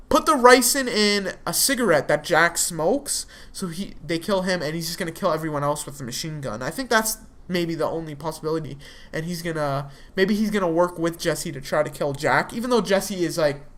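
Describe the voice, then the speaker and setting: Woman recap vlogger, lowish voice, loose and rambling delivery. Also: fairly quick, fairly bright tone. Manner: rambling, filler-heavy retelling with frequent "like" and restarts. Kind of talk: casual spoken episode recap.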